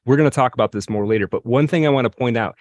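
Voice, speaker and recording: A man's voice: mid-range voice, darkish tone, dry recording. Dry, close-miked man explaining poetry. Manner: lecturing, reads verse slowly, clears throat often. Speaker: podcast co-host. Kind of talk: casual chat, reading poems aloud.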